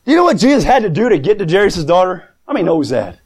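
A man preaching a sermon in a church, telling a story with voices he acts out and shouting at the high points. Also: quick pace. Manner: animated storytelling, acting out voices.

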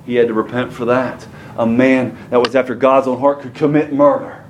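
A man preaching a sermon. He moves from plain Bible teaching to shouted fervor. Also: mid-range voice, level tone, normal speed, reverberant, crowd noise, low-quality recording.

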